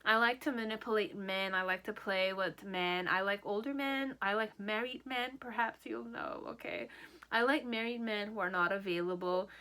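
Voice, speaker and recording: With a bright, pushed, medium-pitched voice at normal speed, this tarot reader voices the person she's reading in first person during a pick-a-card session. Her delivery meanders and hedges, punctuated by frequent "okay?" check-ins.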